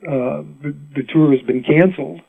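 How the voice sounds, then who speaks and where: A man's voice: a little high, steady tone, moderate pace, creaky, slightly rough, no echo, phone-quality sound. An older man from Rhode Island, a mandolin player, telling stories in a casual interview, chatty and laughing with many restarts.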